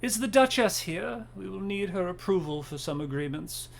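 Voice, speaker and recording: Man playing an imperious old matriarch, formal, slow, raised pitch. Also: lively intonation, vocal fry, slight background noise. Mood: commanding. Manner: commanding, measured, formal. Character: imperious old human matriarch, about eighty-five.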